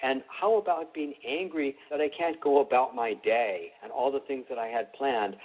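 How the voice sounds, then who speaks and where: Calm man teaching over a tinny line. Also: medium pitch, normal speed, breathy edge. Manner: calm, instructive, repetitive emphasis. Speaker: teacher of an emotional healing class. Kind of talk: live online class talk.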